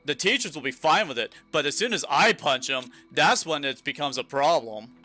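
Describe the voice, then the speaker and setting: Bright-voiced young man rambling on stream. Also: fairly high pitch, animated, normal speed, hardly any pauses. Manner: rambling, restarting storyteller. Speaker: game streamer. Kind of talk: casual chat while gaming.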